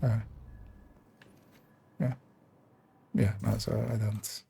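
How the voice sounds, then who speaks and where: Slow, gravelly man streaming a game. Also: fairly low pitch, flat delivery, dark tone, a little hiss or hum. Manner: thinking aloud, hesitant, with fillers and restarts while working through numbers. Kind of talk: casual live-stream commentary.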